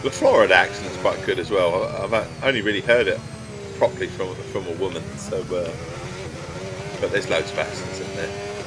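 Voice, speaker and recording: A man's voice: deep voice, very animated, moderate pace, heavy background noise. A man with an Essex accent chatting casually with his viewers while he plays, often laughing and poking fun at himself. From England. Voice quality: chatty and self-mocking, laughs often, reads chat aloud. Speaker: streamer. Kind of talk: casual gaming stream chat.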